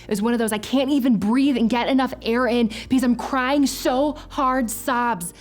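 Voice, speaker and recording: A woman's voice: on the high side, fairly quick, a little mellow. A young adult woman pastor preaching a sermon, earnest and emotional, rising into impassioned prayer. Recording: faint music behind.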